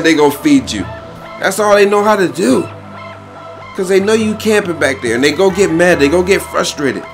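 Male gaming host, slightly high voice, brash slang-heavy play-by-play, quick to laugh. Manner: boastful, hype, slang-heavy, laughs often. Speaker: gaming YouTuber. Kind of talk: energetic gameplay commentary. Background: faint background music.

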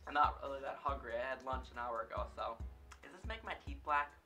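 A man's voice: mid-range voice, expressive, brisk, sharp tone, soft background music. A young man hosting a food dare vlog, chatting in a rambling, self-conscious way and tripping over his words. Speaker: dare-challenge vlogger. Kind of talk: casual food-challenge vlog. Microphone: camera facing him.

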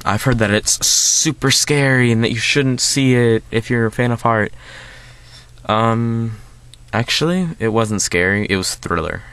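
A man's voice: lowish voice, fairly bright tone, clean tone, no room sound. A man hosting a casual movie review, rambling with lots of filler words and restarts.

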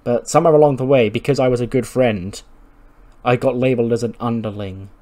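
A man's voice: medium pitch, fairly even intonation, fairly quick, dark tone, natural voice. A man voicing a proud, determined female wrestler who speaks earnestly.

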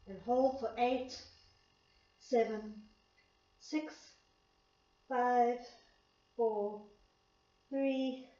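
A woman's voice: medium pitch, dark tone. A woman leading a pilates class, counting reps and a bit out of breath as she exercises along. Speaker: pilates instructor. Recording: echoey room, distant dull mic.

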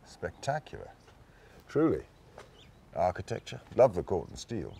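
An actor playing a reserved, dry-witted older British TV host with a British accent. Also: male voice, low voice, wildly swooping pitch, measured pace, vocal fry, mellow, slightly rough, exaggerated voice. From Britain. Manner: dry, formal, understated. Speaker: retired game show host.

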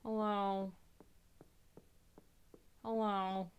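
A woman giving casual, excitable commentary while playing a video game, swearing and shrieking at what happens on screen. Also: medium pitch, very slow, clear, resonant tone. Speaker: let's play gamer. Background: game music.

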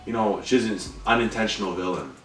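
Very deep-voiced young man swearing excitedly. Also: a little fast. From Canada. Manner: excitable, swears a lot, voice jumps up when worked up. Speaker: co-host reacting to a trailer. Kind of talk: casual chat. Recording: echoey room, distant mic, faint music.

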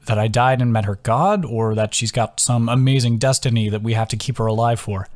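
A man's voice: mid-range voice, a little fast, a little mellow, natural voice. A man voicing a weary young male fighter with a dry, understated manner.

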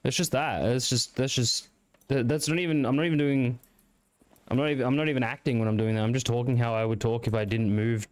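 A man's voice: mid-range voice, fairly even intonation, brisk, no echo. A young Australian man with an everyday voice chats casually to his stream audience. He rambles loosely and swears freely. The recording is dry and close, with no room sound. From rural Victoria, Australia. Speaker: game streamer. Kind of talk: casual chat.

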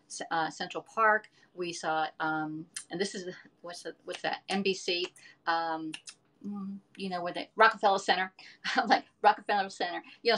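A woman's voice: on the low side, bright, forceful tone. Rambling, chatty woman live-streaming from home. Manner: rambling and chatty, addressing viewers as y'all. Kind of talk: casual live-stream chat.

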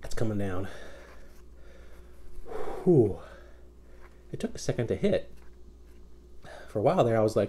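A middle-aged man with a fairly low voice talks casually through the burn of a hot pepper. He sounds strained and slurs a little, with groans and sighs between his words. A faint hiss of noise sits behind him. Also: sing-song, a little slow, long pauses, warm tone. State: strained from pepper heat, slurring slightly. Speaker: vlogger eating hot peppers. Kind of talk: casual vlog.

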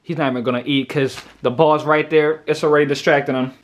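A man casually vlogging outdoors on a handheld phone, chatty and laughing often, slipping into high coaxing baby talk with his dog. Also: steady tone, quick pace. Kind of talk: casual vlog narration. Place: outdoors in a city park and streets.

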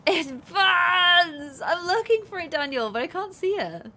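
A woman's voice: very high-pitched, big pitch swings, fairly quick. A young woman giggling and thinking aloud as she plays a story game, thanking her viewers along the way. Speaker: gaming streamer. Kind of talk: let's play commentary.

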